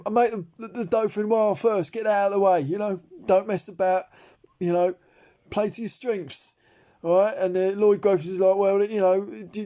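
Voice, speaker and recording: A man with a high-pitched, warm and natural voice performs an improvised comedy monologue as Derek, a bumbling amateur chef. Derek's story rambles along, riddled with fillers and restarts.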